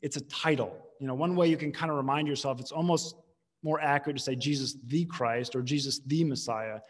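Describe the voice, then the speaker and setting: A man preaching a sermon with a slightly raised, husky voice. He teaches in a conversational, emphatic way, often restarting his phrases. His voice rings with the long reverb of a large hall. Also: on the high side, fast talker. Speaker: pastor.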